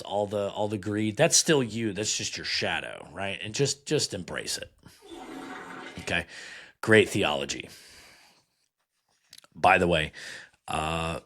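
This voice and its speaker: A man with a somewhat low voice hosts a podcast and reads card meanings aloud one by one. He picks them apart bluntly, with dry sarcasm and plenty of "um" and "okay". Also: fairly bright tone. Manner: sarcastic, blunt, with frequent fillers. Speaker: podcast host. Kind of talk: critical commentary reading card meanings aloud.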